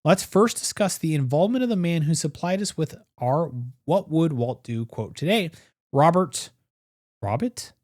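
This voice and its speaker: A man co-hosting a casual podcast, his pitch swinging widely as he reads out history notes and trades jokes. The sound is dry and close, with no room around it. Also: lively intonation, moderate pace, a little mellow, no room sound. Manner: reads scripted history between playful banter. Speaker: podcast co-host. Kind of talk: casual podcast chat with read narration.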